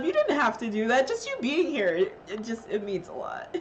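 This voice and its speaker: A woman's voice: a little high, wildly swooping pitch, normal speed, slight background noise. A woman streamer chatting casually with her live chat, emotional and laughing, thanking viewers with lots of fillers.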